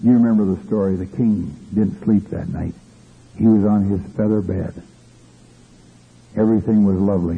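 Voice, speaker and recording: A man's voice: fairly low pitch, steady tone, normal speed, gravelly, husky. A man preaching a fervent sermon, stopping often for hallelujahs and restarting his phrases. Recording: tinny lo-fi old recording.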